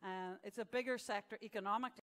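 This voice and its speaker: A woman's voice: mid-range voice, steady tone, fast talker, fairly bright tone, big-room sound. A woman hosting a live awards event, joking with the crowd between announcements. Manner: jokey, chatty, tells gags with punchlines. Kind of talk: live stand-up style hosting. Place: event venue stage.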